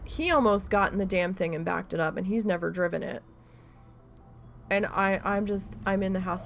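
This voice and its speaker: A woman's voice: medium pitch, moderate pace, vocal fry, slight background noise. A woman streamer chatting casually while she plays, telling an exasperated story with a lot of swearing. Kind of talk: casual chat during a live gameplay stream.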